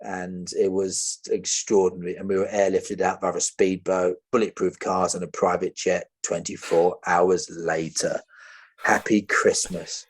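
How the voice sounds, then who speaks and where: Lively man with a low voice. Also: a little slow, slightly rough. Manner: lively, acting out voices, laughing. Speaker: guest. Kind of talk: storytelling in a podcast interview.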